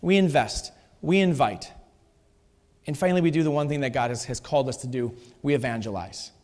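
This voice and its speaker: A man with a mid-range, darkish voice preaches at a slightly quick pace, emphatic and returning again and again to his key phrases. The long reverb of the church sanctuary colors the sound.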